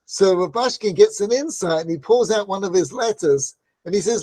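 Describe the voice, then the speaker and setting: High-voiced man giving a lively Torah talk. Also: normal speed, few pauses, dry recording. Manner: conversational, frequent "right?" asides; acts out quoted voices in stories. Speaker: Torah teacher. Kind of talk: storytelling Torah class.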